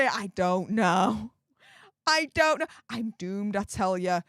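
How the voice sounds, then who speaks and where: A British woman hosting a live stream, chatting casually, laughing often and reading out viewer comments in a frank, animated way. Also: medium pitch, slow pace, no echo, clean studio sound. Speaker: livestream host reading viewer chat.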